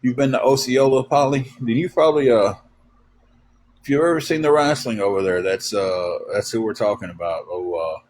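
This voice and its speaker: A man's voice: mid-range voice, darkish tone, a little hiss or hum. A man, co-hosting a casual livestream, telling folksy, rambling stories full of fillers and sounding a bit tired. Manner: drawn-out, tired. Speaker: livestream co-host. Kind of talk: casual livestream chat, storytelling.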